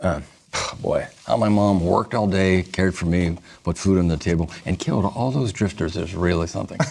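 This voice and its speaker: A man's voice: low voice, normal speed, gravelly, background noise. A man guesting on a talk show, reading jokes aloud with a playful, hammy delivery. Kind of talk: casual chat reading jokes.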